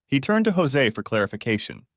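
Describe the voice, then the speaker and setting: A man narrating a family drama story in a steady, scripted storytelling voice. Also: medium pitch, fairly quick, no echo, clean studio sound.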